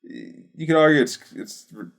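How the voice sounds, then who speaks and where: A man co-hosting a podcast, recalling movie scenes in a relaxed way with frequent ums. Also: fairly high pitch, normal speed. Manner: easygoing, lots of ums and uhs. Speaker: podcast co-host. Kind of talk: casual chat about movies.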